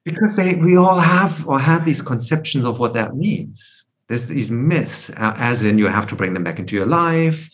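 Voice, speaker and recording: A man's voice: mid-range voice, expressive, normal speed, hardly any pauses. A man coaching on forgiveness in a podcast interview, reflective, explaining through rhetorical questions.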